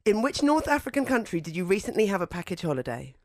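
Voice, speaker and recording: A man hosting a radio interview, asking quiz questions in a brisk quizmaster manner. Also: sits high, big pitch swings, a little mellow, no room sound, clean studio sound. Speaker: radio show host.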